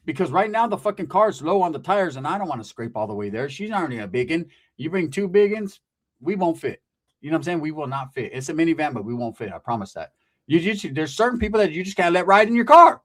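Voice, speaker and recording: A man's voice: on the high side, expressive, fast. A man from California telling a crude, rambling story full of slang and asides. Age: adult. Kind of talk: casual comic storytelling.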